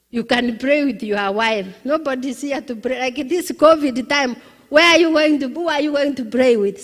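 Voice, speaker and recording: High-voiced woman preaching in a reverberant church. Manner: direct, rhetorical questions to the congregation; repeats words when starting phrases. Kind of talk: sermon on marriage. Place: church service.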